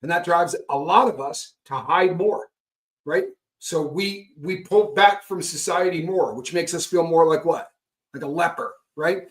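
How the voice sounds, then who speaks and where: A middle-aged guest speaker on recovery gives a candid, conversational talk, speaking frankly and emphatically and often tagging his points with "right?". His voice is a little high and his pace a little slow.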